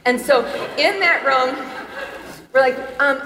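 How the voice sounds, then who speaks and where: A woman's voice: high voice, takes it slowly, sharp tone. A woman in her fifties giving a chapel talk, chatty and self-deprecating, laughing often as she tells personal stories. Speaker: chapel speaker. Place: large hall. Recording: echoey hall with long reverb.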